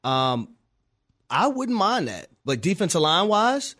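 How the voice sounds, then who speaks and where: A man's voice: high voice, big pitch swings, a little slow, fairly bright tone. A man co-hosting sports talk radio, emphatic and opinionated. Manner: emphatic, opinionated, starts with "listen". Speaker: radio co-host, former player.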